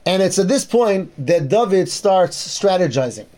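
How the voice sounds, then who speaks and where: A man's voice: high voice, big pitch swings, normal speed, warm tone. A man teaching a Torah class, retelling a biblical story in plain speech and weaving in Hebrew verses and terms, with frequent restarts. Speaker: Bible teacher.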